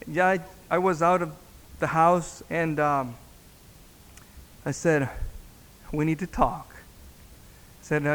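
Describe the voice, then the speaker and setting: A man, a pastor, telling a story in a sermon, halting and repeating words as he acts out the dialogue. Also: fairly high pitch, steady tone, fairly bright tone. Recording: long reverb in a hall.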